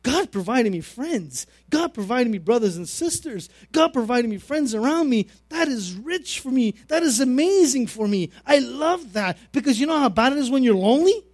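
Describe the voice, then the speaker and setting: A middle-aged man preaching a sermon, telling a personal story with repeated phrases and big swings between loud and quiet. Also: very high-pitched, lively intonation, moderate pace, few pauses, no echo.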